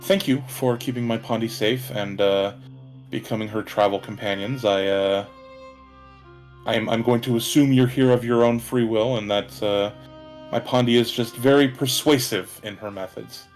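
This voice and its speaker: A man voicing a gentle, doting woman who hosts guests at her table, hesitant and full of restarts. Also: medium pitch, fairly even intonation, soft background music, lightly acted. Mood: welcoming. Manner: hesitant, restarts often, drawn-out words. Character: gentle motherly woman host, doting creator.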